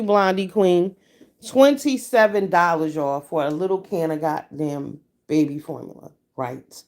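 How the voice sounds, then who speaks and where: A woman's voice: lowish voice, a little mellow. A woman hosts a casual livestream. She talks bluntly and profanely, telling stories straight to her viewers. Her delivery is loose, unscripted chat. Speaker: livestream host.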